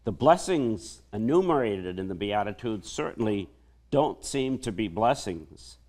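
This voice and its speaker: A male priest delivering a homily in a slow, measured preaching manner. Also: lowish voice, expressive, a little mellow.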